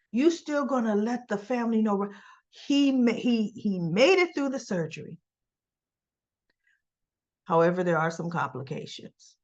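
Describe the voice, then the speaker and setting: A woman's voice: a little high, darkish tone, muffled recording. A woman reviewing a soap opera in a casual, chatty recap, talking animatedly and acting out the characters' lines.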